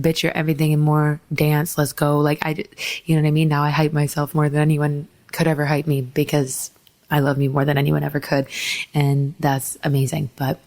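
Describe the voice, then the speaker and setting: A woman's voice: sits low, a little mellow. A young woman hosting a podcast, telling a candid personal story with emphatic, profane asides and quoted dialogue. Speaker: podcast host.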